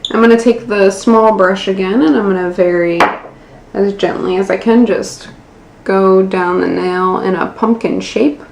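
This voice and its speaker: A woman's voice: mid-range voice, steady tone, a little slow, vocal fry. An American woman in her twenties narrating a casual nail art tutorial, self-deprecating and swearing casually. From United States. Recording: echoey room, faint background noise.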